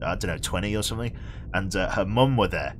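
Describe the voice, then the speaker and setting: Streaming a game live, a young man from England talks with his viewers in a Birmingham accent, self-deprecating, swearing freely, and laughing a lot. He speaks fast in a low voice against a noisy background.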